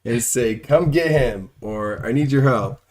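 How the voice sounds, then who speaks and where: A man's voice: mid-range voice, unhurried, darkish tone, low-quality recording. A man reading the questioner's lines from a deposition transcript aloud, joking and laughing between questions. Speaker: reader of the questioning officer's lines.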